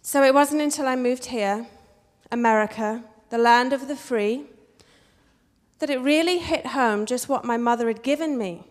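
A young English woman from England, telling a story on stage with a wry, animated, punchy delivery. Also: sits high, moderate pace. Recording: reverberant hall.

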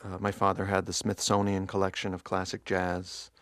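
A man from New Jersey, a guest musician talking casually in an interview, soft-spoken with hesitant restarts. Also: low-pitched, monotone, moderate pace, dry recording, clean studio sound. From Montclair, New Jersey.

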